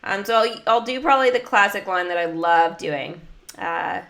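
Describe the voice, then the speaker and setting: Her mid-range voice has lively intonation, a moderate pace, and a slightly bright quality. She's a young American woman streaming a mobile game, talking in a bubbly, chatty way packed with fillers.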